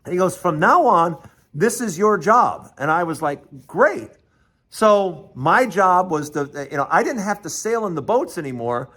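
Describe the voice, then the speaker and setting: Animated older man telling a story. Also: sits high, normal speed. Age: 60s. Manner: animated storyteller acting out quoted voices, frequent restarts. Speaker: host. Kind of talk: storytelling monologue.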